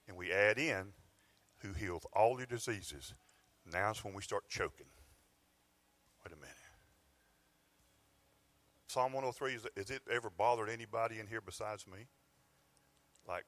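Folksy preacher, bright tone. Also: male voice, fairly low pitch, unhurried, pauses often. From Georgia, US. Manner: folksy, conversational preaching with bursts of emphasis. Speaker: pastor. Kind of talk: sermon. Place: church sanctuary.

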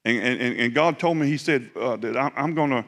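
Southern preacher telling a testimony in a hall. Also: male voice, medium pitch, fairly quick. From South Georgia, USA. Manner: animated storytelling, building to fervent praise. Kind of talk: testimony sermon. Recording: reverberant hall.

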